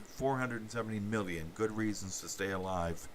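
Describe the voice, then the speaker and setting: Host, male, low voice, meandering livestream commentary with sardonic asides, faint hum behind. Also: normal speed. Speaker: channel host. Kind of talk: rambling political commentary livestream.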